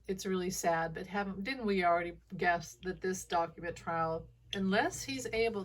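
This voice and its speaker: A woman with a fairly low voice talks through intuitive readings in casual commentary. She rambles and breaks off mid-word to restart. She laughs often as she goes. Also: far from the mic. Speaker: intuitive reader.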